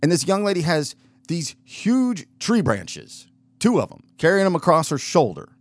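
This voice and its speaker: A man's voice: on the high side, sing-song, normal speed, no room sound. A man hosting a show, telling a casual story in a rambling way, with lots of restarts and fillers. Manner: rambling, self-interrupting, with fillers and laughs. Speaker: podcast host.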